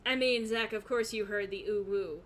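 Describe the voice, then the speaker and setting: A woman's voice: medium pitch, fairly even intonation, moderate pace, fairly bright tone, slight background noise. A young woman streaming a game, chatting casually, laughing often and reading chat aloud in a rambling way. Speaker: gaming streamer.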